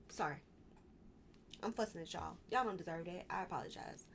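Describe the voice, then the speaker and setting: A woman's voice: lowish voice, a little fast, creaky, pauses often. A woman hosting a casual commentary vlog, exasperated and rambling, with frequent restarts and apologetic asides. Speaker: vlog host.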